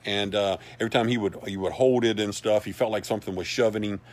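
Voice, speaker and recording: A man's voice: on the low side, fairly even intonation, fast. A man hosting a livestream, rambling through a story in a folksy way and reading out viewer comments. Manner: rambling and folksy, with many asides. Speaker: livestream host for a paranormal society.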